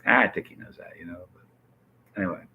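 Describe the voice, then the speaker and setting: A man's voice: sits low, normal speed, creaky, slightly rough, narrow, tinny audio. Rambling, chatty man hosting a live stream. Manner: rambling, chatty, greets viewers by name. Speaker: livestream host. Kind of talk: casual live chat reading viewer comments.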